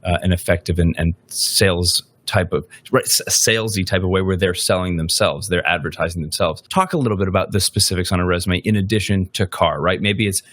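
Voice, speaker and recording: A man's voice: low voice, a little fast, few pauses, fairly bright tone, dry recording. A man hosting a podcast interview, thinking aloud and checking in with "right?" as he frames his questions. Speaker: podcast host.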